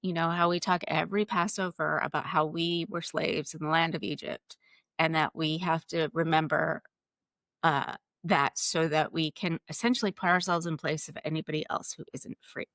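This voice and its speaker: A woman hosts a live interview, speaking in earnest, thoughtful phrases. Her voice sits fairly low. The sound is dry and close, with no room echo. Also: steady tone, moderate pace, a bit bright. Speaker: podcast host.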